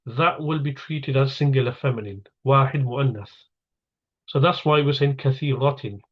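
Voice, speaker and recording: A man's voice: mid-range voice, lo-fi sound. A man teaching an Arabic grammar lesson, explaining patiently step by step and asking and answering his own questions.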